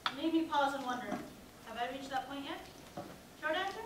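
A woman's voice: high voice, expressive, fairly quick. A young woman giving a personal talk at a student event, humorous and sarcastic, poking fun at herself. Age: young adult. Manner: humorous, self-mocking, sarcastic. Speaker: student speaker. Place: lecture hall at a campus event. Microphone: not using the mic. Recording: very echoey hall, distant from mic, noisy.

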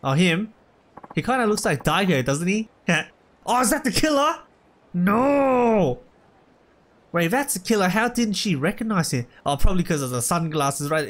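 A man giving casual, excitable gameplay commentary, full of slang and shouts at the game. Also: high-pitched, slight background noise. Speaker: let's play gamer. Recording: loud game music underneath. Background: game music.

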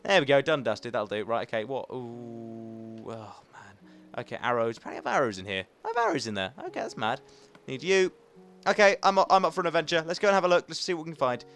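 A young man chats through his gameplay in a lively, bouncy voice that climbs high and swoops around. He mutters to himself and pokes fun at his own mistakes. Faint game music plays underneath. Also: racing. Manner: chatty, talks to himself, playful and self-mocking. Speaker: gaming channel host. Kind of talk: casual let's play commentary.

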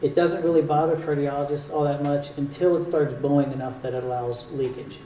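Brief: male doctor with a Northern US accent, mellow tone, plain and patient, recorded from a distance in a roomy hall. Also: a little high, fairly even intonation, fairly quick. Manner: plain, patient explaining with dry jokes. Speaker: cardiologist giving a talk. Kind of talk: explanatory health talk with audience Q&A. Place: community hall at a retirement home. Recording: echoey hall, distant mic, faint hiss.

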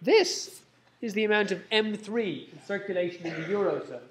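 High-voiced male lecturer, chatty. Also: moderate pace. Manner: joking asides, repeats key points, frequent "okay?". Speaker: university lecturer. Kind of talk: live lecture.

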